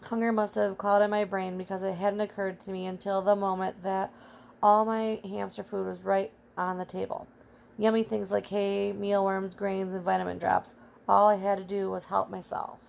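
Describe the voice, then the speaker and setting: A plucky pet hamster tells his own adventure in an earnest, excitable way, voiced by a woman. The pitch stays fairly flat and even, with a gravelly edge to the voice. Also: normal speed, slight background noise. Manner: earnest, excitable first-person storytelling. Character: small brave pet hamster, male.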